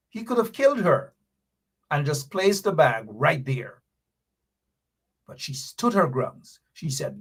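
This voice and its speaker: A man hosting a political commentary stream, his voice sitting a little higher than most men's. He hammers his points home with indignant emphasis and keeps circling back to the same lines. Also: sing-song, measured pace, pauses often, husky. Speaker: host.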